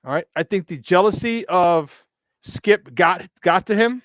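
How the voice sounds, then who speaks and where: A man's voice: high-pitched, a little slow, a bit bright, no echo, studio quality. A man hosting a morning sports talk show, talking casually and emphatically, repeating his points for weight. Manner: repetitive, emphatic, preachy asides.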